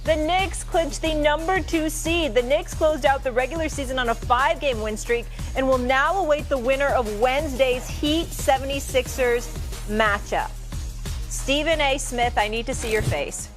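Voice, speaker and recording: A woman hosting a live sports talk show, introducing segments with brisk anchor delivery and teasing her co-hosts playfully. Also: sits high, faint music behind. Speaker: show host, moderator.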